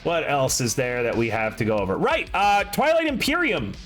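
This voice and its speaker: A man's voice: mid-range voice, very animated, normal speed, a bit bright, faint music behind. A young man streaming, chatting casually and rambling with self-deprecating asides before running a tabletop game.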